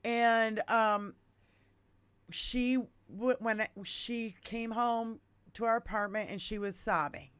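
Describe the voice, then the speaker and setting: A woman in her fifties from the United States hosting a podcast, telling stories in an animated way and swearing freely. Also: a little high, takes it slowly, smooth, no room sound. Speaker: podcast host. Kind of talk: casual chat.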